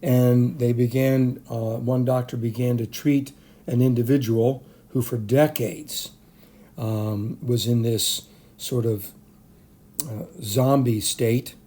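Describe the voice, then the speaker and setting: A middle-aged male teacher talks through a chemistry screencast in a warm, mellow voice. He speaks off the cuff, with frequent ums and self-corrections. His pitch sits in an ordinary middle range for a man. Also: fairly even intonation, slow. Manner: unscripted, many fillers and restarts. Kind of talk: recorded lecture screencast.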